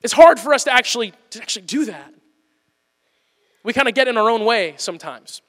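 A man's voice: extremely high pitch, lively intonation, fairly quick, a bit bright, in a large hall. A male pastor giving a sermon in an earnest, conversational way with emphatic repetition.

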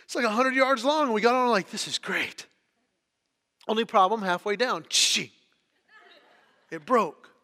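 Male storyteller, high and bright, animated, acts out quotes; roomy hall sound. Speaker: speaker telling stories. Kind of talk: storytelling talk to an audience.

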